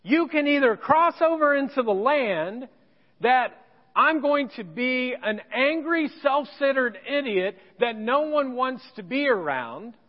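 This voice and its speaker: A pastor telling a personal story in a sermon, with self-deprecating humor. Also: male voice, very high voice, expressive, unhurried, big-room sound, lo-fi sound. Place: church sanctuary.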